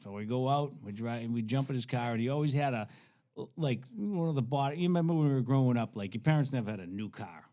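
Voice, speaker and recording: A man in his forties, a podcast guest, telling a story casually in a rambling, profane, animated way with many restarts. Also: mid-range voice, fast.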